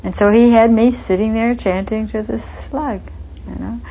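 A woman's voice: fairly high pitch, fairly even intonation, normal speed, warm tone, dull audio, a little hiss or hum. A woman telling stories of her spiritual teacher in a reminiscing interview, with a wistful, storytelling manner. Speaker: devotee recalling her teacher.

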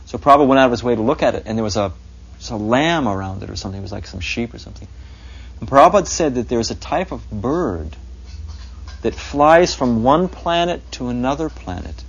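A man's voice: medium pitch, lively intonation, brisk, creaky, slightly rough, muffled recording. A man telling rambling, unsure anecdotes about his teacher in a reminiscing interview. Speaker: devotee recalling his teacher.

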